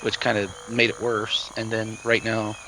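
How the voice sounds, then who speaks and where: A man's voice: on the low side, completely flat delivery, normal speed, noisy background. A man chatting with friends over voice chat during a game, rambling loosely and swearing casually. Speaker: gaming friend.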